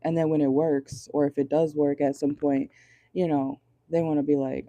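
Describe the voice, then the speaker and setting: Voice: mid-range voice, flat delivery, normal speed, dark tone, no room sound. A chatty tarot reader giving a casual, blunt reading from inside a car, swearing freely and laughing often.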